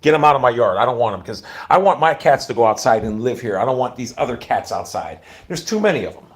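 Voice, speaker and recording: A middle-aged man talking in a casual, rambling monologue, blunt and full of swearing, often sinking to a low mutter. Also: expressive, fast talker. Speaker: vlogger.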